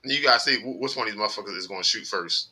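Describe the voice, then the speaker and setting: A man telling rideshare-driving stories on a podcast, animated and full of profanity. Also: lowish voice, rapid-fire, slightly rough, rough recording. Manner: animated storytelling, heavy profanity. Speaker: podcast host, rideshare driver. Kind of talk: casual chat.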